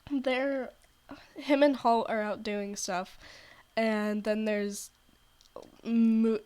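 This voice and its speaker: A young woman streamer retells a novel's plot in a slow, meandering way, often stopping to restart her sentences. Her voice sits a little high, and her throat sounds scratchy. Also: fairly even intonation, a little mellow, smooth. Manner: rambling, full of "like" and restarts. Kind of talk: casual storytelling on a stream.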